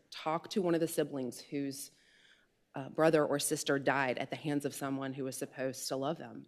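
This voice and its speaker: An earnest woman in her late forties speaks to a legislative committee in a fairly low voice. She sounds heartfelt and moves close to tears. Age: late 40s. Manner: earnest, turns tearful and emotional. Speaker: state official. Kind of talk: prepared remarks to a committee. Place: legislative hearing room.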